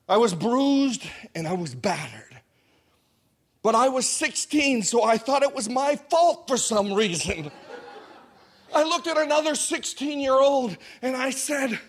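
A man telling a personal story with drama, dropping to hushed asides and rising to shouts, laughing through lines. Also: very high voice.

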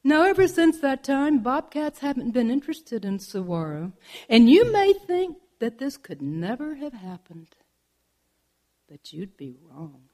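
A woman telling a folk tale aloud in a playful, expressive manner. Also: high voice, a little slow. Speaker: storyteller. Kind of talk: oral folk storytelling.

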